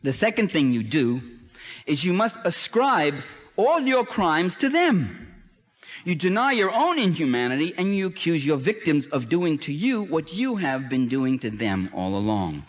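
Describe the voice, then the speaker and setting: A man giving a political lecture, emphatic, with sweeping rises and drops in pitch. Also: very animated, unhurried. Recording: long hall reverb.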